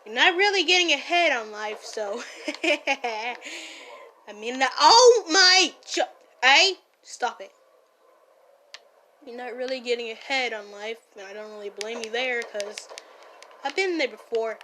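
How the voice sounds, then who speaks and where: Woman voicing a hot-tempered young gang-boss guy, slow and bright, scolds and yells. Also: a little high, lively intonation. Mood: annoyed gaming. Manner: loud, scolding, easily startled, playful yelling. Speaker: fan voice actor. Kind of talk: listener role-play while gaming.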